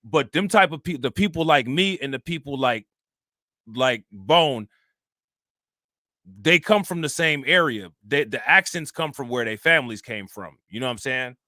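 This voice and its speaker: A man with a plain Northeast Ohio accent rambles to his livestream chat in loose, slangy talk, looping back with asides to the viewers. His voice sits mid-pitched and bright. The sound is close and dry. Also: animated, normal speed, no echo. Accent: Northeast Ohio, Midwestern. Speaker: livestream host. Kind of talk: casual livestream commentary.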